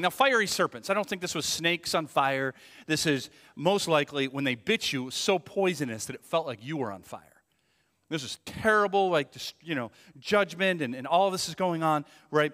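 A male pastor preaching a sermon, swinging between loud emphasis and hushed asides. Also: a little high. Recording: long reverb of a church hall.

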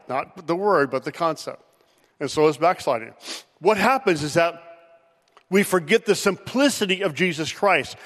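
High-voiced animated man preaching in a reverberant hall. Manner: animated, acts out Bible figures' voices with rising pitch. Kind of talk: sermon.

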